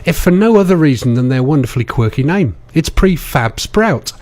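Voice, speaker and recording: A man's voice: on the high side, animated, moderate pace, a little mellow. A man presenting a radio music show, linking songs in a chatty, playful way.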